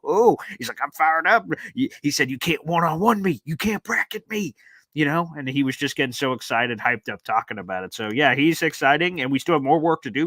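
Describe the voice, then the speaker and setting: Excitable man hosting a sports chat. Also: medium pitch, no echo. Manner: excitable, animated storytelling. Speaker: sports show host.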